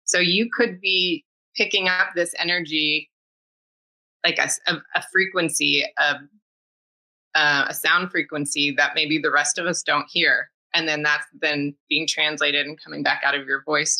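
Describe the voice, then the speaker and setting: A woman explains a human design chart calmly and step by step in a casual spiritual conversation. Her voice is notably low, with a very bright and forceful edge. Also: poor audio. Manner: explanatory, measured.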